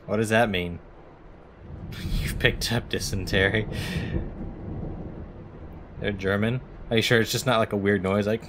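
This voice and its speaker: A man's voice: fairly low pitch, takes it slowly, pauses often, fairly bright tone, slight background noise. A man streaming a game live, commenting wryly and reading the on-screen text aloud. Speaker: gaming streamer.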